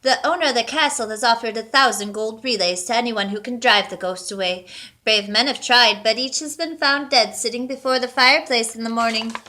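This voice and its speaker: Casting: a woman playing storybook village wives, eager gossip, slightly raised, bright voice. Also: a little high, a little fast.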